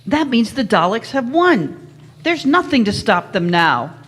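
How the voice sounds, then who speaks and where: An earnest young companion , voiced by a woman, asks anxious questions in a slow, breathy voice. Her pitch rises and falls widely in this live fan radio play. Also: very animated, full character voice.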